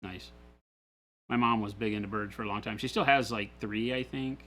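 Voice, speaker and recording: A man hosting a casual livestream chat while painting miniatures, animated and joking, slipping into playful impressions of friends. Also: on the low side, moderate pace, a little hiss or hum. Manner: animated storyteller, imitates friends in funny voices. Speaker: livestream host. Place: indoor hobby studio.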